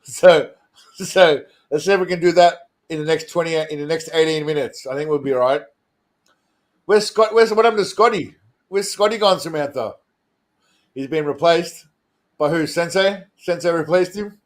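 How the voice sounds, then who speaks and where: Man, slightly high voice, crude, mocking, stream host, laughs often. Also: moderate pace. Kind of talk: casual comedic live-stream chat.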